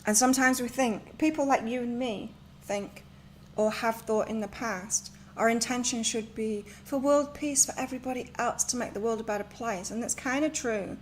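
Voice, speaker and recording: A woman's voice: fairly high pitch, moderate pace, few pauses, a little hiss or hum. A woman reading tarot and oracle cards on a live stream from her home, chatting and rambling as she gives spiritual advice. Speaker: tarot and oracle card reader.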